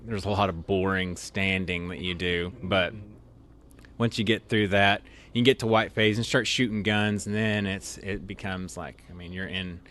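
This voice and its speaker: Low-voiced young man telling an army story. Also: level tone, moderate pace, fairly bright tone. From Oklahoma, USA. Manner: rambling, full of "like" and restarts. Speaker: interview guest, officer candidate. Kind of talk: casual storytelling.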